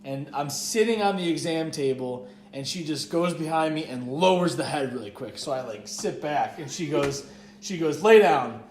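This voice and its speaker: A man's voice: fairly high pitch, animated, moderate pace, slight background noise. A young man telling a long story on a podcast, rambling, swearing freely and saying "like" constantly. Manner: rambling, profane, heavy use of "like". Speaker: podcast co-host. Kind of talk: casual storytelling chat. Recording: echoey room.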